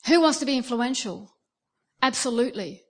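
Preaching with an Australian accent, this middle-aged woman speaks at a normal speed, her voice on the high side. Her sermon is full of animated storytelling in which she performs the voices of each character.

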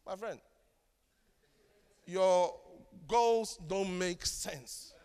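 High-voiced preacher man in a reverberant hall. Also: drawn-out words, clean tone. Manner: preaching with call-and-response, swinging between loud exclamations and quiet asides. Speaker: pastor. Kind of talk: sermon. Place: church hall.

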